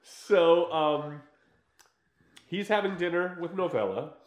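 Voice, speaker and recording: Animated man recapping a movie, echoey room. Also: a little high, takes it slowly. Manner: animated storytelling with acted-out quotes, swears freely. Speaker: podcast co-host recapping a film. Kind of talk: casual chat.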